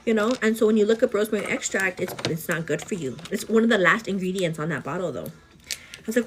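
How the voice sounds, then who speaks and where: A pregnant young woman chatting casually to her viewers while getting ready at home, animated and full of fillers. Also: medium pitch, fast talker, noisy background. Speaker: vlogger. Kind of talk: casual get-ready-with-me chat.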